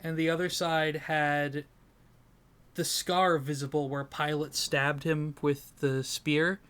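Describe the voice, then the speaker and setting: A man's voice: a little high, little pitch movement, slow, fairly bright tone, clear, resonant tone. A man co-hosting a casual comedy podcast, rambling and self-deprecating, sleep-deprived and breaking into laughter. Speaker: podcast co-host.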